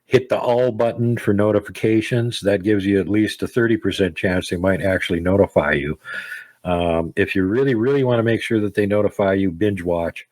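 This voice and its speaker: A man's voice: fairly low pitch, moderate pace, darkish tone, dry recording. An American man hosting an online show in casual chat, joking and rambling with self-deprecating humor. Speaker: podcast host.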